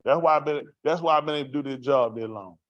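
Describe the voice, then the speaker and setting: A man gives a raw, vernacular street-life testimony to a congregation, tossing rhetorical questions to the room as he tells his story. He speaks fast in a slightly high voice, and the audio is dull with no echo.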